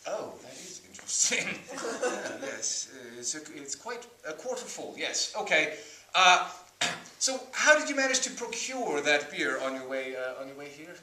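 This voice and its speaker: A hesitant, courteous therapist, as a man plays him on stage, stumbling over his words and chuckling. The voice is high and very bright with lively swings in pitch. It rings through an echoey room from some distance off. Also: heavily acted. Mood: politely probing. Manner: polite, halting, prone to chuckling. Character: fussy male therapist named Roger. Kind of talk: improvised stage scene. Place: comedy stage.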